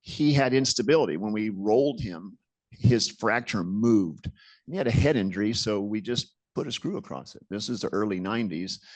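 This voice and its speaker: This guest surgeon is a man in his sixties whose pitch sits fairly low; his lecture is conversational, and his storytelling reflective and self-deprecating.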